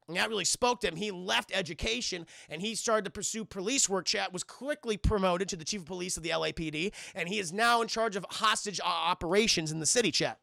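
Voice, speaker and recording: Streamer, male, high and gravelly, profane and animated to live chat. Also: no echo, clean studio sound. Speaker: streamer and film reviewer. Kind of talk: casual movie recap to live chat.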